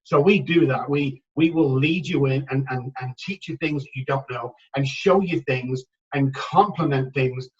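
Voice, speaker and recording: A man speaking as a recovery expert guest on a podcast, telling stories in an energetic, emphatic way and addressing listeners directly. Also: medium pitch, moderate pace, hardly any pauses, recorded from a distance, dull audio. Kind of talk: animated podcast storytelling.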